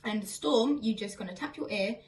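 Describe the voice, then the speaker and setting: A woman's voice: mid-range voice, moderate pace, far from the mic, poor audio. A woman teaching a song with signs, explaining each sign step by step in a friendly way while filming herself on a phone at home. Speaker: singing and signing teacher. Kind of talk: online sign-and-sing lesson. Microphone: phone camera.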